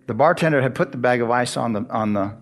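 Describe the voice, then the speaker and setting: A man's voice: medium pitch, quick pace, faint music behind. A man in his sixties from Arizona giving a folksy church testimony, chuckling often and restarting his words as he tells the story.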